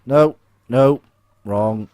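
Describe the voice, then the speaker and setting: A man's voice: mid-range voice, extremely slow, mellow, no room sound. A man giving casual commentary on a game and reading its dialogue aloud. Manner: chatty, reads game dialogue aloud in a light playful tone. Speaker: let's play host.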